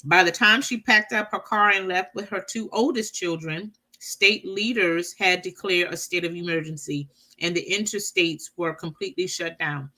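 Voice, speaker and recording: A middle-aged woman with a bright, clear voice co-hosts a relaxed talk show. She reads a news story aloud at a steady pace, stumbling and restarting now and then. She chats easily with her co-host between passages. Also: on the low side, normal speed, hardly any pauses. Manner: reads aloud with small restarts, warm laughs. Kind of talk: casual chat, reading an article aloud.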